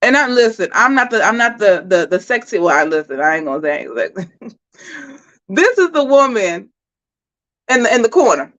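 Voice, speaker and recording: A woman hosting a livestream, giving animated, emphatic commentary and talking straight to her chat. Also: fairly high pitch, moderate pace, pauses often, dull audio. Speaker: host.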